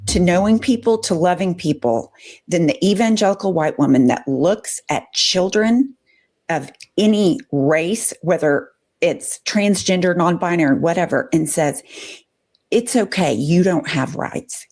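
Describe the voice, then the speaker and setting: A woman's voice: on the low side, measured pace, a little mellow. A woman co-host giving emphatic, incredulous commentary on politics. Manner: incredulous, emphatic, rising disbelief.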